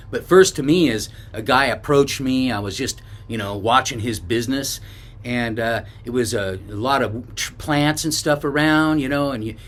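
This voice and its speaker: A middle-aged man from Northern California telling a travel story to camera in a casual, rambling way, full of fillers and restarts. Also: mid-range voice. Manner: rambling, many fillers and restarts, acts out quoted shouts. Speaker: travel vlogger.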